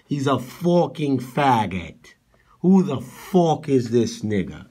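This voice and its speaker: A man's voice: mid-range voice, big pitch swings, slow, warm tone, slightly rough. A man on a livestream ranting in a mocking, profane, heckling way.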